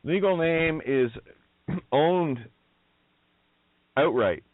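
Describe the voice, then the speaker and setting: A man's voice: fairly high pitch, expressive, extremely slow, no room sound. A man hosting a radio talk, speaking bluntly and nonchalantly, drifting off topic and swearing. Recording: dry tinny phone-quality audio.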